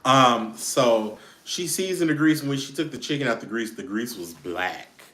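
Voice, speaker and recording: A man's voice: mid-range voice, animated, normal speed, fairly bright tone. A man hosting a casual celebrity gossip show, sassy and blunt, swearing freely and laughing often. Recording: roomy echo.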